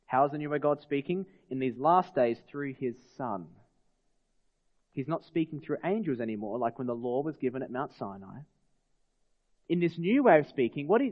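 A man's voice: on the high side, lively intonation, normal speed. A man preaching a sermon as pastor, earnest and putting rhetorical questions to his congregation. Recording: long hall reverb, dull lo-fi sound.

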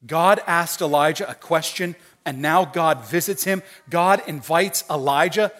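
A middle-aged male pastor preaching with a voice sitting a little higher than most men's. He acts out the voices he quotes and moves from soft, hushed passages to sudden loud, pointed outbursts. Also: unhurried. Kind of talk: sermon.

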